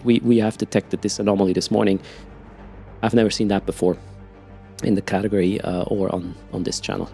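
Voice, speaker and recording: A man's voice: on the low side, gravelly, mellow. A man with a Swiss German accent chatting casually with his live-stream audience while playing, often repeating words as he starts a sentence. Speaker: game streamer.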